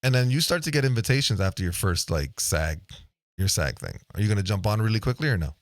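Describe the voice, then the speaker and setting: A podcast host chats casually, his voice on the low side, lively and fast, tossing in plenty of "right?" checks and the occasional swear word. He's close on a studio microphone, and the sound is clean studio quality with no room sound.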